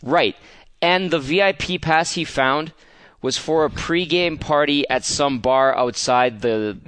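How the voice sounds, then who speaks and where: A man recounts a sports story on a talk show with easy, chatty pacing and a few stumbles. His voice sits a little high for a man, and it is recorded close and dry with no room sound. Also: unhurried, fairly bright tone, smooth, no echo. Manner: conversational storyteller, hesitant fillers. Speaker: sports radio co-host. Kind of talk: casual storytelling on sports radio.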